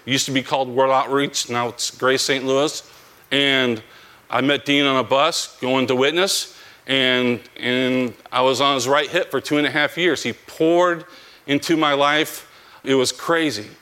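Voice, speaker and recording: A man's voice: medium pitch, steady tone, a little slow, pushed and bright, clean tone. A middle-aged man preaching a sermon, reading scripture and then telling stories in a conversational way with frequent restarts. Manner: conversational storytelling with repeated phrases.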